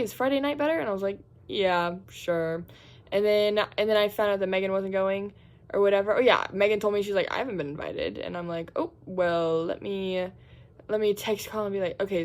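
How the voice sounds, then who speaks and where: A young woman, a college student, chatting casually about her day in a vlog, filling her talk with "like" and acting out what people said. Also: mid-range voice. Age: young adult. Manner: chatty, heavy use of "like"; acts out quotes in squeals and groans.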